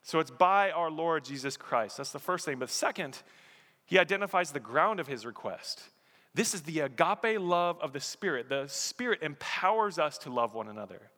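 A man's voice: fairly high pitch, animated, normal speed, sharp tone. A man preaching a sermon as pastor, telling stories and building to emphatic peaks. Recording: echoey hall.

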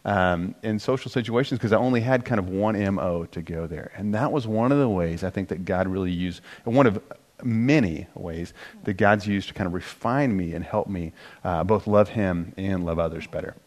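A middle-aged man teaching a marriage course in a relaxed, conversational way, joking at his own expense and getting animated when he quotes himself. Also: low voice, normal speed.

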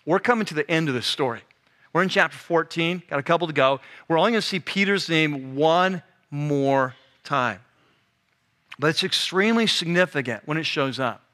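A man preaching a sermon as a pastor, telling the story in a casual, animated way that drops to a hush for the serious moments. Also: on the high side, normal speed. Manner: conversational, animated storytelling with sudden hushed drops.

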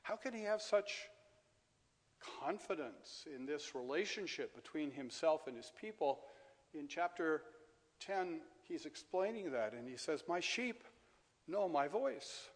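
A man preaches a sermon with a somewhat high voice. His delivery is measured, and he repeats key phrases softly for weight. The sound rings with the long reverb of a church hall. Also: lively intonation. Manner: measured, dropping to soft emphatic repetitions.

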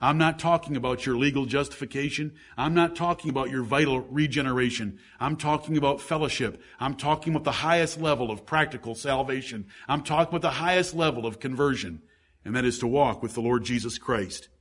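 A middle-aged man preaching a sermon, pressing his listeners with fervent pleading that builds to loud climaxes. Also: mid-range voice, brisk, husky. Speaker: pastor.

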